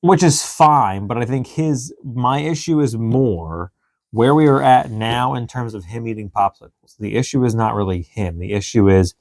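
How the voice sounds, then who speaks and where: A man's voice: mid-range voice, normal speed, a little mellow, no echo. A man in his thirties chatting casually as a podcast co-host, venting with exasperation and acting out his kid's complaints. His voice sits in the middle range for a man, recorded dry and close with no room sound. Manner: exasperated, venting, acts out quotes of his child. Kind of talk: casual chat.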